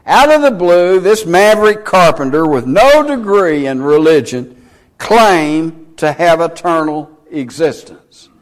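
A man preaching a sermon, reading scripture in old King James wording with slow, deliberate emphasis. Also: high voice. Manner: reads scripture aloud in King James English.

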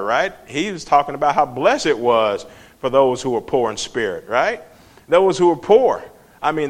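A man giving an informal, conversational Bible lesson and asking his listeners questions as he goes. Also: a little high. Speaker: Bible teacher.

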